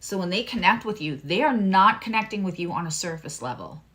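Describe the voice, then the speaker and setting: A woman hosting a live tarot and astrology reading in a chatty, candid way, swearing freely and now and then dropping into hushed asides. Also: mid-range voice, lively intonation, a little fast.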